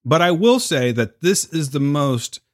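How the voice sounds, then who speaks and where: A man in casual chat about a TV series, chatty and animated, saying "dude" a lot. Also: on the high side, measured pace. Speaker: co-host discussing a TV series.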